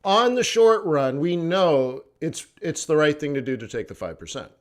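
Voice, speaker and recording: Chatty guy doing a live trading stream, kinda high-pitched, loose and laughing. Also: lively intonation, moderate pace. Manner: chatty, laughs often, fillers and restarts. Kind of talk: casual live-stream chat.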